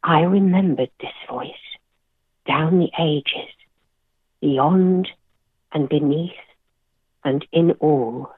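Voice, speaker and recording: A woman, a therapist and author, speaking as an interview guest and reading her own poem in a gentle, measured way. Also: low-pitched, slightly rough, dry recording, narrow, tinny audio.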